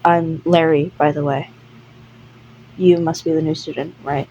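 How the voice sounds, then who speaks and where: A woman voicing a laid-back teenage boy who is obsessed with pineapple, talking in an easygoing, mumbling way with a breathy voice. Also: deep voice, fairly even intonation, a little slow, mellow, highs cut off, a little hiss or hum, pitched below the performer's own voice. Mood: friendly.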